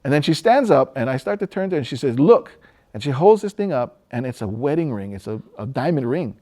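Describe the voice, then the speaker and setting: A man from Hawaii telling a personal story in a relaxed, conversational way, pausing often and chuckling now and then. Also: medium pitch.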